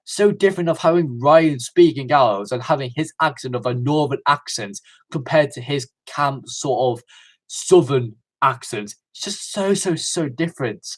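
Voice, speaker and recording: A man's voice: mid-range voice, moderate pace. Enthusiastic rambling male reviewer. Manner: enthusiastic, rambling with many fillers and restarts. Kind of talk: casual livestream review.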